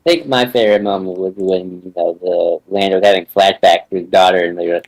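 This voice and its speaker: A man's voice: deep voice, fast talker, rough recording. Laid-back male podcast guest. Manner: relaxed fan talk with laughs and "you know"s. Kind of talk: casual chat.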